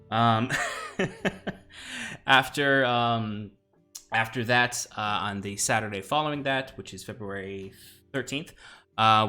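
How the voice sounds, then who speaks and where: A man's voice: on the low side, pushed and bright. A man hosting a live tabletop stream, reading out announcements in a rambling way full of fillers. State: out of breath. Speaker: stream host.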